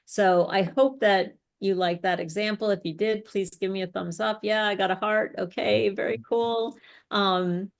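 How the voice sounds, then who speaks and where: A woman's voice: medium pitch, steady tone, a little slow, gravelly. A woman speech coach leading a live online workshop, explaining step by step with chatty asides.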